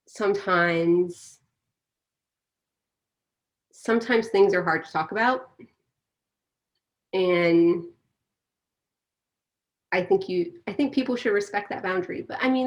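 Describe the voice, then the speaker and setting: A woman guest in a casual interview, speaking candidly and telling stories with animation. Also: fairly low pitch.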